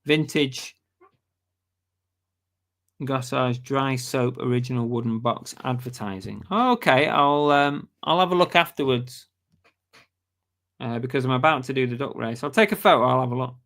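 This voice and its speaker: A man's voice: mid-range voice, normal speed, long pauses, a bit bright. A man with a British accent hosting a casual live stream, reading viewer comments aloud and chatting back, and saying he is losing his voice. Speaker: livestream host.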